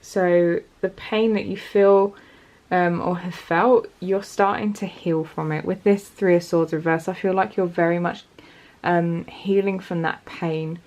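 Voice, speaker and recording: A woman's voice: fairly low pitch, steady tone, a little slow, a little mellow. A woman giving a casual pick-a-card tarot reading, chatty and encouraging as she talks straight to her viewers. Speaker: tarot reader.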